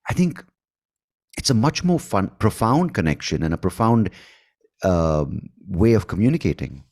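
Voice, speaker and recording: A man with an Indian accent hosting a podcast interview, speaking in a thoughtful, halting way and correcting himself as he goes. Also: low-pitched, sing-song, darkish tone. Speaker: podcast host. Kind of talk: conversational interview.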